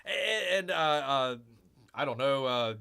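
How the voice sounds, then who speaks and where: A man's voice: medium pitch, animated, takes it slowly, gravelly, sharp tone, clean tone. A man hosting a live show, rambling through casual commentary and calling himself Bear with jokey, mock-outraged asides.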